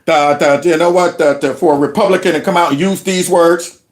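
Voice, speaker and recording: A man hosting reaction commentary, talking in an indignant, animated way and often stumbling over repeated words. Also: a little high, a little fast. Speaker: commentary host.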